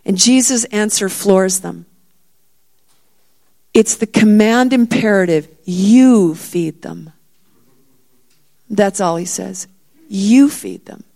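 A middle-aged woman preacher gives a sermon in a storytelling style, her medium-pitched voice carrying a somewhat dark tone. She voices the disciples' lines herself, her emphasis rising as she drives each point home.

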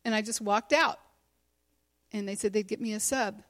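She talks fast, her voice at a medium pitch. A middle-aged teacher and conference speaker, she opens up to a women's gathering with a personal testimony, chatty and heavy on fillers.

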